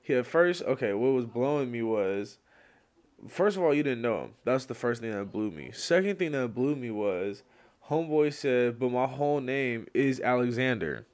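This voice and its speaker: A young podcast host talks on his own at an ordinary middle pitch, rambling through a story full of slang and fillers. When a topic gets to him he turns loud and worked up, ranting with energy. The whole thing has a casual, off-the-cuff feel. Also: very animated, moderate pace. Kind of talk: casual solo podcast chat.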